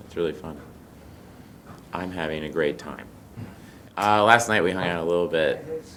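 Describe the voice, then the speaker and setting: A man chatting as an interview guest, animated and telling stories with lots of energy. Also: low-pitched, normal speed, slight background noise. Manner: animated storyteller who acts out quotes. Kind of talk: casual interview chat.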